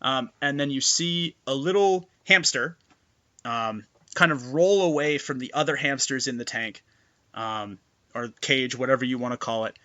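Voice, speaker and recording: Bright-voiced man running a tabletop game. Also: medium pitch, moderate pace. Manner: loose, filler-heavy narration. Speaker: game master.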